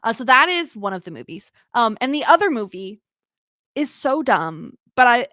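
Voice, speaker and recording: A woman co-hosting a casual podcast, telling stories in a chatty, animated way. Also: a little high, moderate pace, no echo, clean studio sound. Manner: chatty, animated storytelling with laughs. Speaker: podcast co-host. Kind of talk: casual chat.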